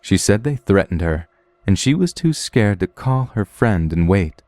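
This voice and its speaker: Deep-voiced man narrating horror stories. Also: sing-song, unhurried, darkish tone, no room sound. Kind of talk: scripted horror story narration.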